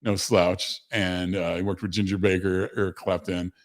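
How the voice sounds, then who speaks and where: A man's voice: low voice, level tone, moderate pace. Rambling man hosting a livestream. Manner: rambling, conversational, with fillers and self-corrections; reads chat messages aloud to viewers. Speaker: host of a livestream show. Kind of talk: casual livestream talk.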